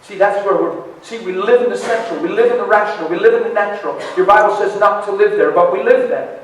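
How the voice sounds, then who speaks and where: A middle-aged man preaching a sermon with passion, swinging between shouts and hushed words. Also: sits high, expressive, a little fast. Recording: echoey hall from far off with faint noise.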